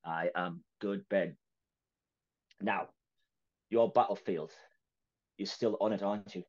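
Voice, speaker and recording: A man's voice: low voice, slow, highs cut off. A man with a Geordie accent hosting a podcast, chatting casually, laughing often and acting out little quotes. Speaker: podcast host. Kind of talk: casual chat.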